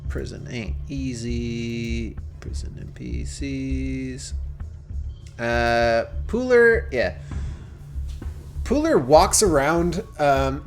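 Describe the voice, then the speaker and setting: A man narrating a tabletop horror game as game master, rambling with many fillers and restarts and laughing often. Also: mid-range voice.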